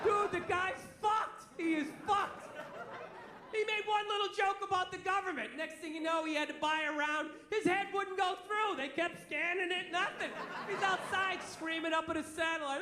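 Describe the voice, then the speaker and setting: A man's voice: very high-pitched, moderate pace, noisy background. A man in his forties doing a profane, ranting stand-up routine in a comedy club with a live audience. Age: 40s. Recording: echoey venue, loud crowd. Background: audience laughter.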